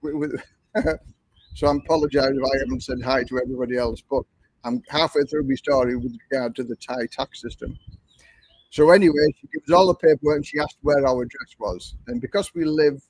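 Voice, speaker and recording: A man's voice: mid-range voice, steady tone, brisk, a little mellow, breathy edge, rough recording. An older man with an English accent, telling a long story in a chatty, repetitive way while hosting a livestream. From England. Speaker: livestream host.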